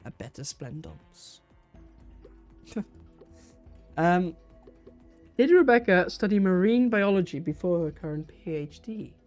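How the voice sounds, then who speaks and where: Low-voiced woman hosting a chatty livestream. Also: expressive, a little slow, long pauses, darkish tone, faint music behind. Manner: chatty, giggly, trips over words. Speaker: livestream host running a quiz. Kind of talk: casual live-stream chat.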